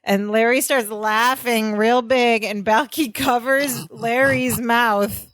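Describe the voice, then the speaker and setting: A woman's voice: on the high side, fairly even intonation, slow pace, fairly bright tone, dry recording. A woman co-hosting a podcast, animatedly retelling a sitcom episode scene by scene and quoting the characters in casual chat. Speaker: podcast co-host.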